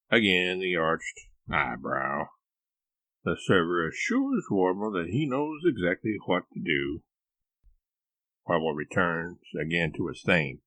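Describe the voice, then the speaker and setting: Male author reading his comic novel aloud, low voice with lively ups and downs, dry close sound. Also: slow, no echo. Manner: wry, expressive storytelling. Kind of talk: scripted narration of a comic story.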